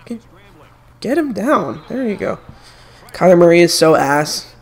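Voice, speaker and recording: Young male streamer, bright higher voice, animated, trading hot sports takes while playing. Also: a little slow, creaky, breathy edge. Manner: opinionated, animated sports banter. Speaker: gaming streamer. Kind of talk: casual chat while playing a video game.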